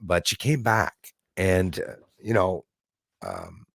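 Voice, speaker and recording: Low-voiced man rambling through stories. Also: huge pitch swings, takes it slowly, vocal fry, a bit bright, husky, dry recording, studio quality. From Canada. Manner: digressive storytelling with many restarts and asides. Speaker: livestream host. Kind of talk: rambling casual monologue.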